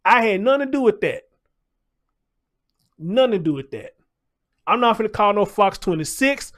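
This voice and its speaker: Man, high voice, casual livestream host, loose and repetitive. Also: very animated, a little slow, long pauses. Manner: loose, conversational, repeats phrases, shouts out chat viewers.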